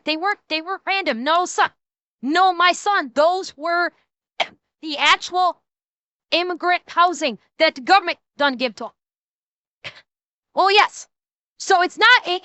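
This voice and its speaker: A woman streamer with an extremely high, pushed, bright voice rants and swears as she reacts, stammering and repeating herself in heated, profane bursts. The recording has no echo.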